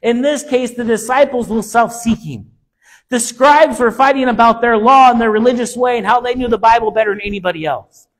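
High-voiced male pastor preaching. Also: fairly quick. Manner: emphatic, repetitive preaching cadence. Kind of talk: sermon.

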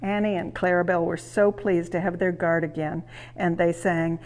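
A woman hosting and reading a children's train story aloud, in a warm, lively, expressive way. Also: lowish voice, moderate pace. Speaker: storyteller, museum host. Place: railway museum.

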